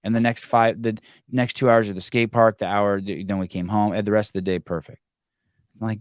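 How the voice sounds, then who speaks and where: A man's voice: on the low side, a little fast, no echo, clean studio sound. A man in his forties hosting a call-in podcast, telling blunt, profane stories in casual chat. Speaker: podcast host.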